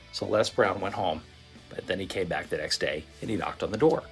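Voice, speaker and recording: A man telling a motivational story in a vivid, animated storytelling manner. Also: sits low, quick pace, slightly rough. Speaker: motivational speaker. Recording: faint guitar music behind. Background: soft guitar music.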